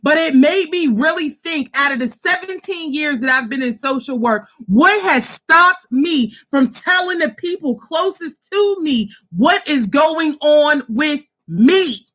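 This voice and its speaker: A woman in her thirties talks candidly and passionately, her words blunt and often profane. Her voice sits high and rings bright and forceful, and she drives each point home with fervent emphasis. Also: animated, unhurried, hardly any pauses. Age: 30s. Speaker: social worker and host. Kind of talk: impassioned personal talk.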